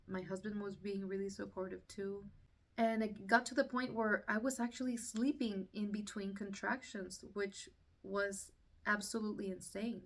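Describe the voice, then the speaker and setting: Woman, casual storytelling, lively quoted voices, mid pitch, set back from the mic. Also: recorded from a distance. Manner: animated retelling, acting out quotes, laughing through tense parts. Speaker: vlogger telling her birth story.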